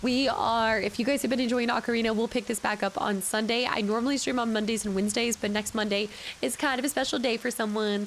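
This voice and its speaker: A woman's voice: mid-range voice, slight background noise. A woman game streamer with a sick-sounding voice, chatting casually and thanking her viewers by name at the end of a stream. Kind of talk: casual stream sign-off chat.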